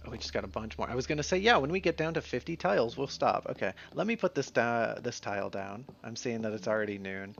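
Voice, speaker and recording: A man streaming a game in a relaxed, casual way, musing to himself as he plays. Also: mid-range voice, fast talker, gravelly, few pauses. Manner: easygoing, mumbles to himself while playing. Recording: slightly dull sound, faint music behind.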